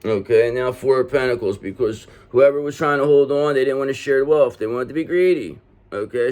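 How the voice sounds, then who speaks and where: Casting note: male tarot reader, mid-pitched voice, reassuring and chatty, talks straight to camera. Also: a little mellow. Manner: reassuring, talks straight to the viewer, many "okay?" tags. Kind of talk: tarot reading monologue.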